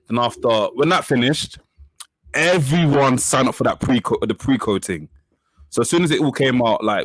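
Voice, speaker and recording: A man's voice: fairly low pitch, no room sound. A man with a London accent, chatting casually as a podcast guest and acting out quotes as he tells stories. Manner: animated storyteller, acts out quotes. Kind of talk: casual chat.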